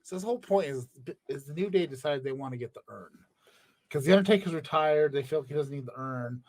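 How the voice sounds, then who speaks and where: A man's voice: a little high, lively intonation, fast talker, darkish tone, no room sound. A man hosting a podcast, telling a story in a profane, joking way. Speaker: podcast host. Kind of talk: casual chat.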